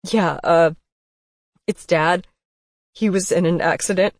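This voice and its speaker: A woman's voice: on the low side, takes it slowly, dry recording, clean studio sound. A woman voicing a tearful young man. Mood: distraught. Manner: strained, cracking, louder. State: crying. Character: young man, grieving and shaken.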